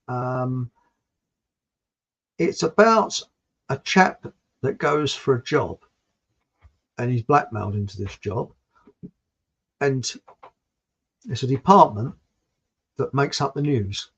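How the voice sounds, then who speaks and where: A man's voice: mid-range voice, a bit bright. A man hosting his own channel, giving a blunt, digressive opinion monologue with frequent restarts and some mild swearing. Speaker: channel host. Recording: dull lo-fi recording.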